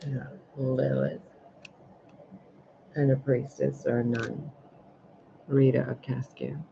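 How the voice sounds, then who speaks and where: Talking to his cards as he reads tarot and oracle decks on a livestream, a man sounds musing and playful. His gravelly, medium-pitched voice stays level and slow, and faint hiss runs through the muffled audio.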